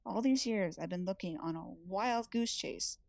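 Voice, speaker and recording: A woman's voice: medium pitch, a little slow, gravelly, no room sound. A woman voicing a wry older sister who teases and reproaches her brother. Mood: wry teasing. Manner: dry teasing, reproachful.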